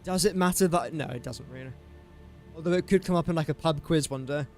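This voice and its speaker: Guy chatting through his game stream, kinda high voice, wanders off topic a lot. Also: brisk, a little mellow, soft background music. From England. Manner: rambling self-talk, easily sidetracked. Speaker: gaming streamer. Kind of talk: casual gameplay commentary.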